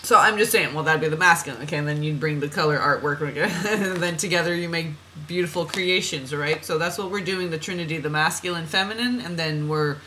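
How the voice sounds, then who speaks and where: A woman's voice: low-pitched, fast talker, hardly any pauses, pushed and bright, a little hiss or hum, poor audio. A woman reading oracle cards for a client in a chatty, meandering way, laughing at herself and drifting off on tangents. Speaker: oracle card reader. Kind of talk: spiritual card reading monologue.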